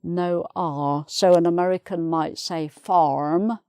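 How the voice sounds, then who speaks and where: A woman's voice: on the low side, slow, vocal fry, darkish tone, no room sound, studio quality. A woman with a British English accent gives a pronunciation lesson, patiently repeating example words. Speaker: pronunciation teacher.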